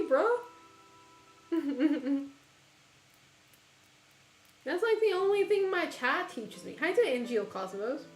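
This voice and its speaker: Slow-talking woman streamer who laughs a lot. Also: sits high, big pitch swings. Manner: laughs often and swears casually. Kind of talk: casual chat with viewers while gaming. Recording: roomy echo with faint music behind.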